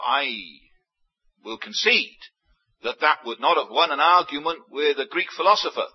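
A man preaching a sermon, emphatic, with big swings in pitch and loudness. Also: husky. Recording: dull lo-fi sermon recording.

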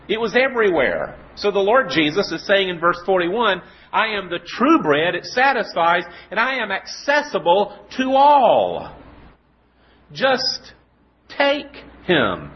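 A man preaching a sermon, telling a story, then reading scripture slowly with emphasis and asking rhetorical questions. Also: sits high. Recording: dull lo-fi recording.

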